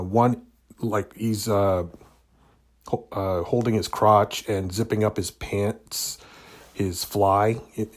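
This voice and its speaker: Rambling man hosting a podcast. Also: fairly low pitch. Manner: rambling, many fillers and restarts. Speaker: podcast host. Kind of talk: casual solo chat.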